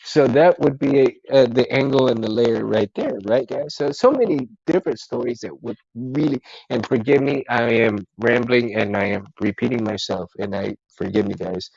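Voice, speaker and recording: Laid-back male stream host, gravelly voice, dry close sound, rambling casual chat. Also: medium pitch, normal speed, few pauses, a little mellow, no room sound, muffled recording. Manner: rambling, friendly, calls everyone dude and man.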